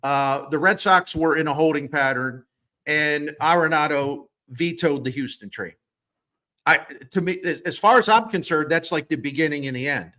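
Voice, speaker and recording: A man co-hosting sports talk, worked up and sarcastic as he builds his case. His voice is bright and forceful, and his pitch sits a touch high for a man. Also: normal speed. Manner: heated, sarcastic rants. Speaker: sports radio co-host.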